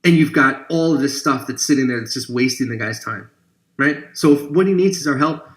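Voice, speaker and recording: A man giving a persuasive webinar pitch to coaches, emphatic and sarcastic as he builds long lists. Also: brisk, a bit bright. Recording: echoey room.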